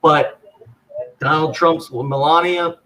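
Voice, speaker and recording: A man's voice: a little high, steady tone, slow pace, bright, forceful tone, a little hiss or hum, low-quality recording. A man on a political talk show, scornful and emphatic. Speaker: co-host. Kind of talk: political commentary chat.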